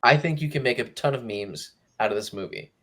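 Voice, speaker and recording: Animated male movie-review host. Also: medium pitch, a little fast. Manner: animated, jokey, slips into mock voices. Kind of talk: casual movie review chat.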